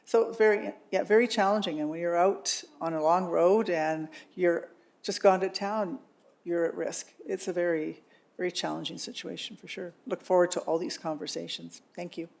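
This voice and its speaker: A woman councillor speaks up in a council meeting, her voice slightly low and gravelly. She is chatty and enthusiastic, stringing thoughts together with fillers. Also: steady tone, moderate pace, a little mellow. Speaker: county councillor.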